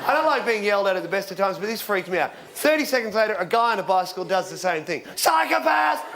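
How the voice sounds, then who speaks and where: Talking very fast in a voice pitched high, a male comic in his 40s works a live crowd on stage. His deadpan stories ramble along with fillers until he yells the punchline, and the audience answers with loud laughter, clapping and general noise.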